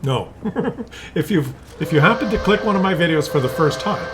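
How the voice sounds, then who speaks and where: Chatty high-voiced man telling tales. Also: lively intonation, normal speed, background noise. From Canada. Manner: rambling, chuckling, mock voices for others. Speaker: gameplay commentator. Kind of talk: casual storytelling over gameplay.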